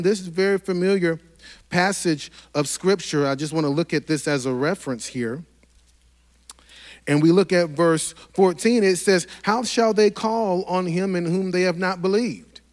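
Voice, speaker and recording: A pastor preaching a sermon to his church, fervent and rhythmic, with lots of repetition and direct calls to the congregation. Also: high voice.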